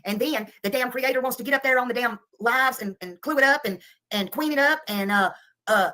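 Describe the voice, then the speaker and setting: A woman's voice: a little high, fairly quick, bright, forceful tone. A woman ranting on her livestream, repeating herself as she thanks viewers. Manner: heated, repetitive, thanking viewers between outbursts. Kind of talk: angry livestream rant.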